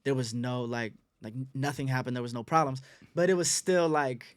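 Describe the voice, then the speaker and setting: A man who is a music executive, a guest on a podcast, talking in a relaxed, conversational way and laughing often. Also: medium pitch, normal speed, clear, resonant tone, no room sound, studio quality. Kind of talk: casual interview chat.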